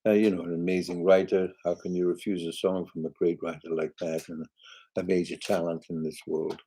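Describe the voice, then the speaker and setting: An older man in a relaxed live chat, answering fans' comments one by one. His voice sits on the low side, and he talks in halting, rambling bursts studded with "you know" and soft chuckles. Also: poor audio. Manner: chuckles often. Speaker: singer hosting a live chat. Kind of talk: casual live chat reading viewer comments.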